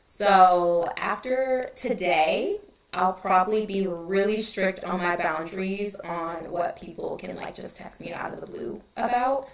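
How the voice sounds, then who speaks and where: Woman, spiritual reader hosting a relaxed livestream, chatty and candid, in a roomy, echoey space. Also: on the low side, measured pace, gravelly. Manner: chatty and candid, greeting viewers by name, drops to a whisper at times. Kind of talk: casual livestream chat.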